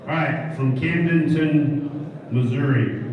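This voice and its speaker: A man presenting awards at a live ceremony, joking between winners and reading names slowly and carefully. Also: medium pitch, lo-fi sound, very noisy. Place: large indoor awards hall. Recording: echoey hall from far off with crowd. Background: crowd chatter.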